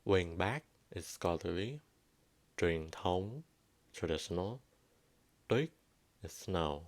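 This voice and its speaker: Deep low guy teaching pronunciation, southwestern vietnamese accent, slow and careful, repeats each word. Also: animated. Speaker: language teacher. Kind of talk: pronunciation lesson.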